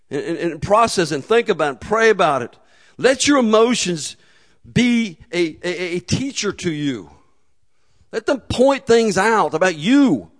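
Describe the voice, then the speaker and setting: A man preaching a sermon in a relaxed, conversational way, with humor and acted asides. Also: high voice, unhurried. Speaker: pastor.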